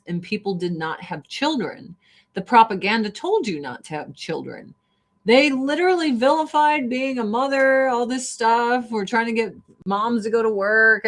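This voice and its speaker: A woman in a casual political rant, blunt, sarcastic and often profane. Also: on the high side. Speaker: livestream host.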